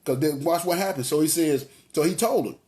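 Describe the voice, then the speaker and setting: A man's voice: a little high, a little fast, darkish tone. A man preaching a casual, conversational sermon in a chatty, slangy way, talking straight to his congregation. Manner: street-talking, chatty, addresses the congregation as y'all.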